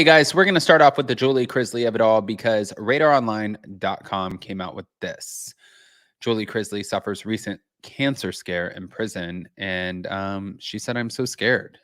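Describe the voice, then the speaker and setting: A man's voice: fairly low pitch, a bit bright, dry recording, clean studio sound. A man hosting a casual chat show from home, talking to his viewers and reading news stories aloud. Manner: chatty, reads news aloud. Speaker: host.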